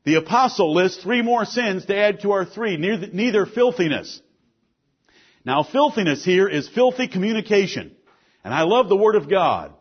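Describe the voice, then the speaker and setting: A man's voice: very animated, normal speed, husky. A man preaching a sermon as pastor, reading scripture and explaining it to his congregation with strong emphasis. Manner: preaching with rising emphasis, then dropping to a low, quiet delivery. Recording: dull lo-fi church recording.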